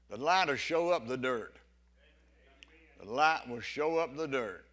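A man's voice: mid-range voice, animated, unhurried. A man preaching an evening sermon with fervor, repeating phrases and calling out amen and hallelujah. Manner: fervent, builds to loud exclamations.

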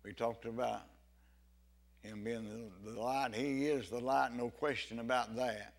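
A man's voice: mid-range voice, steady tone, unhurried, gravelly. A man preaching an evening sermon with fervor, repeating phrases and calling out amen and hallelujah. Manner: fervent, builds to loud exclamations.

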